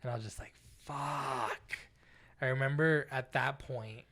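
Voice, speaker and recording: With a medium pitch, a fairly quick pace, and some vocal fry, a young man co-hosts a podcast and relays a story in casual talk. He's animated, swears a lot, and plays out the quotes himself.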